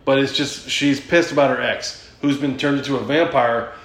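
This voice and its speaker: A man's voice: mid-range voice, fairly even intonation, normal speed. A man chatting casually, retelling a movie plot in a rambling, profane way and laughing often. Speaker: podcast host. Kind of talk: casual chat. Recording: echoey room.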